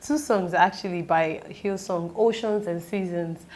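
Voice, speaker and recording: Tearful woman, halting and emotional. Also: lowish voice, a little mellow. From Nigeria. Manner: tearful, halting, fighting back tears. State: close to crying. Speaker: vlogger. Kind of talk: emotional personal vlog.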